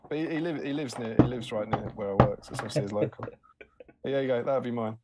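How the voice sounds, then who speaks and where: A man's voice: medium pitch, fast, heavy background noise. A man co-hosting a casual livestream chat, telling anecdotes and laughing often. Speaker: co-host.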